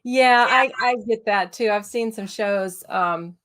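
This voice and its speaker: A woman's voice: medium pitch, measured pace, a bit bright. A woman from the American South, hosting a podcast interview and laughing along with her guest. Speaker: podcast host. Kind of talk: casual interview.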